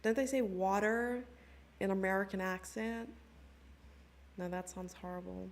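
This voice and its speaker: A woman's voice: medium pitch, moderate pace, vocal fry. A young South African woman commentating a chess stream live and chatting with her viewers in a giggly, casual way. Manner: chatty, giggly, reads chat messages aloud.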